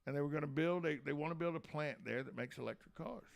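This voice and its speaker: A man's voice: on the high side, fast, vocal fry. A man hosting a local radio talk show, folksy, joking and opinionated.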